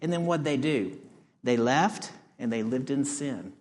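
A man's voice: medium pitch, animated, a little slow, darkish tone. A man pastor delivering a sermon, asking the congregation rhetorical questions and reading scripture aloud. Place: church sanctuary. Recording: long church reverb.

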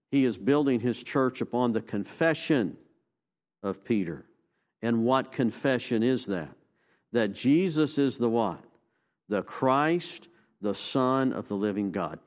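A male pastor preaching a sermon, asking the congregation questions and rising to emphatic peaks before dropping low. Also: a little mellow. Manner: call-and-response questions, emphatic rises and low drops.

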